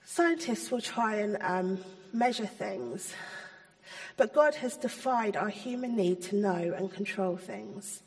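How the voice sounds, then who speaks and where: A woman giving an informal, chatty sermon to a church, full of ums and gentle asides. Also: mid-range voice, takes it slowly. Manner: chatty, hesitant, many ums. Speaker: church speaker. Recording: long hall reverb.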